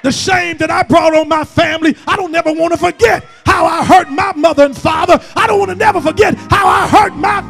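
An older man preaching a fiery church sermon, shouting and laughing as he urges the congregation to answer him. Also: very high voice, steady tone, fairly quick, vocal fry, hardly any pauses, soft background music. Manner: shouting, urging the congregation with call-and-response and frequent laughs. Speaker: pastor. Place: church sanctuary.

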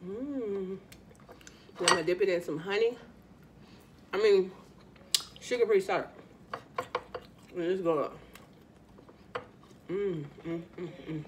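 A woman with a lowish voice chats casually on her eating show, with a slight hiss or hum in the audio. Hailing from Louisiana, US, she calls her audience y'all and eats between lines.

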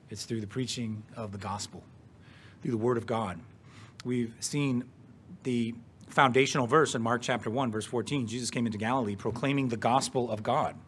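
A man, the pastor, preaching a sermon in a measured, earnest way, stressing key words and asking rhetorical questions, and now and then clearing his throat. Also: medium pitch, a little hiss or hum.

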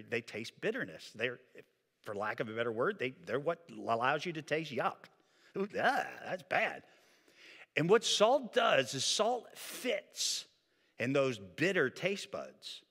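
A man preaching a sermon as pastor, with an animated delivery that swings between loud emphasis and quiet, drawn-out points. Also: medium pitch. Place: church sanctuary. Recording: long reverb of a church hall.

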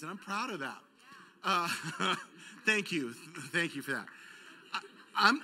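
A man pastor telling a funny self-deprecating story in a sermon, acting out the voices around him with shouts and mock crying. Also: high-pitched. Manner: self-deprecating, animated, acts out quoted voices with cries and shouts. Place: church auditorium.

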